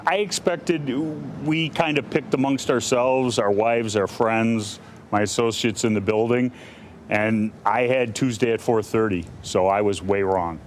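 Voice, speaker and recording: A man's voice: lowish voice, unhurried, a little hiss or hum. A middle-aged male defense attorney answering reporters' questions bluntly, with many restarts and fillers. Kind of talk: press conference answers.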